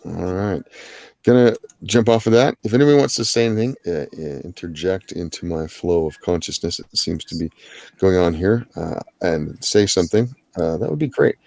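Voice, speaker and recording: A man with a low, darkish voice and vocal fry talks at a moderate pace, recorded with no room sound. He's hosting a live drawing-challenge stream, rambling casually with lots of filler and jokey asides.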